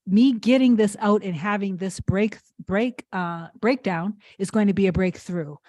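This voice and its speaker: A woman's voice: mid-range voice, unhurried, darkish tone, no echo. A woman manifestation coach talking casually to her viewers, earnest and encouraging, rambling with fillers and restarts. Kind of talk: casual advice talk to viewers.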